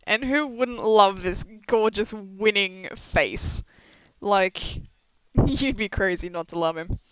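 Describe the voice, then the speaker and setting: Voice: medium pitch, slow pace, a bit bright, clean tone, no room sound. A young adult streamer chatting casually and rambling with frequent giggles and self-deprecating asides during a live stream. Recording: slightly dull lo-fi mic, dry.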